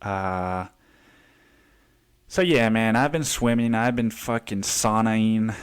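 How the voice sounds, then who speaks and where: A man's voice: lowish voice, takes it slowly, smooth. Rambling, profane podcast man. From Mexico. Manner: rambling, profane, storytelling with quoted voices. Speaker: podcast host. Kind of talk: casual solo podcast monologue.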